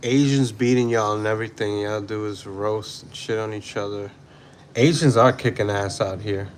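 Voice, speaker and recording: A man's voice: lowish voice, fairly even intonation, moderate pace, slight background noise. A man in his forties from New York City, giving blunt casual livestream commentary and reacting to chat, sometimes slipping into Spanish phrases. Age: 40s. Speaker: livestream host.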